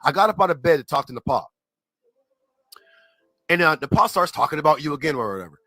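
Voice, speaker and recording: A man's voice: fairly high pitch, animated, fast talker, sharp tone, dry recording, low-quality recording. A man chatting casually on a livestream, rambling in slang and packing his talk with filler words. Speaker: livestream regular reading chat.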